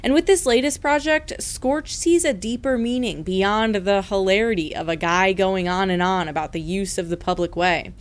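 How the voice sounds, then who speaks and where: A woman reporter narrating a scripted radio news feature in a measured way. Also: medium pitch, steady tone.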